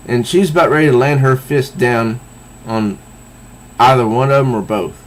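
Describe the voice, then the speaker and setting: A man's voice: mid-range voice, moderate pace. A man casually reviewing a comic book, reading panels aloud with easygoing, enthusiastic asides.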